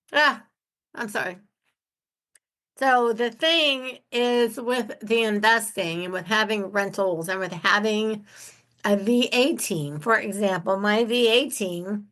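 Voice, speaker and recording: A woman's voice: fairly high pitch, fairly bright tone. A woman hosting her own real estate investing podcast from home, talking in a candid, chatty and enthusiastic way. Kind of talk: casual solo podcast talk.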